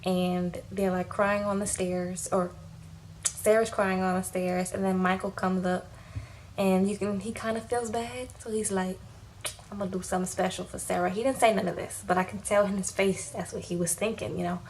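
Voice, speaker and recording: A woman giving a casual, animated recap of a TV episode, talking in slangy, lively fashion. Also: mid-range voice, normal speed, slight background noise, rough recording. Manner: animated, slangy, acts out quotes. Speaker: TV recap vlogger. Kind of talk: casual recap with acted quotes.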